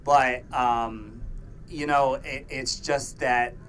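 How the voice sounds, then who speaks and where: A man's voice: medium pitch, fairly even intonation, drawn-out words, a bit bright, slight background noise. A man co-hosting a podcast in casual, joking chat, often stumbling over his words. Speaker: podcast co-host.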